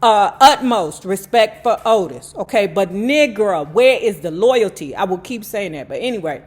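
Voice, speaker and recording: A woman's voice: a little high, lively intonation, normal speed, few pauses. Blunt, profane woman reading with asides. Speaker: YouTube host reading a memoir. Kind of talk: reading aloud with commentary.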